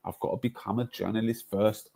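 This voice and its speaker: A man's voice: lowish voice, steady tone, brisk, gravelly, warm tone. A man hosting a casual football livestream, chatty and rambling, often laughing at his own stories. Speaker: livestream host.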